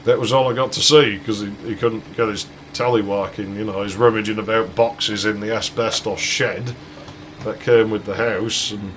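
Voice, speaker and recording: A man's voice: on the low side, steady tone, normal speed, fairly bright tone, slight background noise, rough recording. A British man hosting a game playthrough, telling a long rambling anecdote and swearing freely. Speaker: let's play host. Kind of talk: casual anecdote while gaming.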